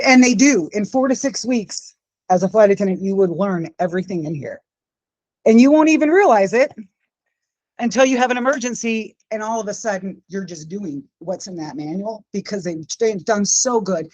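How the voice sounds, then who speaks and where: A woman's voice: on the high side, no room sound, low-quality recording. A woman in her forties giving an informal, heartfelt classroom talk as a guest speaker, with a runny nose. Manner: emotional, earnest storytelling. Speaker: guest speaker, aviation education manager.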